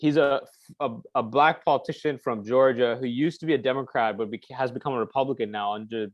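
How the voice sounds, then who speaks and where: A man in a casual discussion, retelling a video clip and acting out the quotes in a raised, animated voice. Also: lowish voice, dry recording. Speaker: discussion participant. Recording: dry, dull lo-fi sound.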